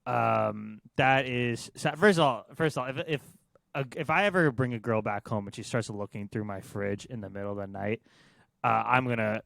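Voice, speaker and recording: A man's voice: mid-range voice, normal speed, vocal fry, a bit bright, dry recording. A young man co-hosting a casual podcast, offering crude, opinionated banter. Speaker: podcast co-host. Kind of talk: casual chat.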